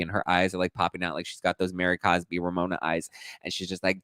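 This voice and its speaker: A man hosting a podcast and dishing gossip in a sassy, animated way, acting out quotes in different voices. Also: low-pitched, quick pace, dry recording. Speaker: podcast host. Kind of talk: casual gossip commentary.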